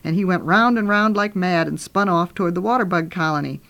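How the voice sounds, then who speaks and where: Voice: medium pitch, fairly quick, vocal fry, a bit bright, muffled recording. An author reading from their own book aloud and retelling the story in a homey, conversational way.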